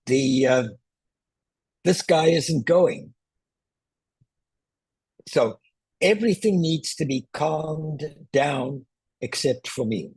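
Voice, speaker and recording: A man coaching viewers on online presentations in a casual tutorial, talking loudly on purpose and often checking in with "right?", from a small one-room apartment. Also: medium pitch, breathy edge, dry recording, poor audio.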